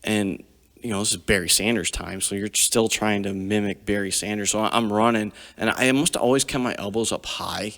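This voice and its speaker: A man's voice: lowish voice, steady tone, normal speed, fairly bright tone. A man in his forties, a podcast guest, telling army stories in a profane, vivid, casual way. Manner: profane, vivid storytelling with frequent swearing. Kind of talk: casual storytelling. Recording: long hall reverb.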